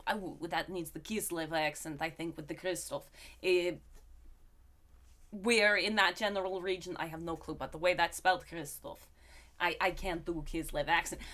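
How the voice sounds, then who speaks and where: A woman's voice: medium pitch, pushed and bright. A woman streamer who is sick, chatting casually on a live stream and greeting viewers one by one in a bouncy way. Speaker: game streamer.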